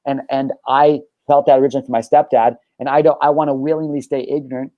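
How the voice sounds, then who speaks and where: A man's voice: mid-range voice, flat delivery, quick pace, dry recording, narrow, tinny audio. A young adult man hosting a casual talk show, telling a personal story in a blunt, emphatic, profanity-laced way. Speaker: show host and life coach. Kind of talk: casual podcast conversation.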